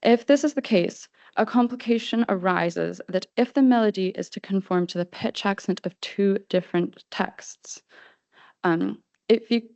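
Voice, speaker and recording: Gravelly woman reading an academic paper. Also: lowish voice, a little mellow, no echo, lo-fi sound. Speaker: conference speaker. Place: conference hall.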